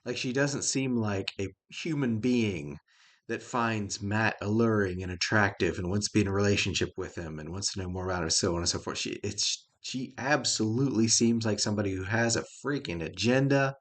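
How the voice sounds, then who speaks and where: Man, middle-aged, low-pitched voice, casual spoken review, rambling, folksy, frequent chuckles. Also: normal speed, fairly bright tone. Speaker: show reviewer.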